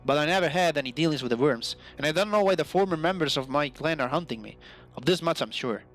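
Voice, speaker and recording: A man's voice: on the high side, animated, fast, a bit bright, soft background music. A man reading aloud the lines of a troubled young male clan warrior in a role-playing game, speaking in an urgent, defensive manner.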